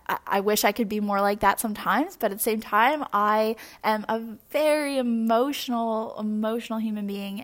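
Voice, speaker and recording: Young woman on her podcast, just rambling honestly, lots of ums and likes, mid-pitched voice. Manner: candid, rambling, with frequent fillers and restarts. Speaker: podcast host. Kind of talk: personal confessional monologue.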